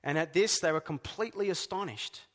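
A man preaching a sermon in a deliberate, emphatic way, dropping to soft, hushed words at times. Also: on the high side, long reverb tail. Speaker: pastor.

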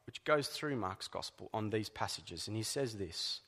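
A man preaching a sermon in a deliberate, emphatic way, dropping to soft, hushed words at times. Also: on the low side, animated, big-room sound. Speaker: pastor.

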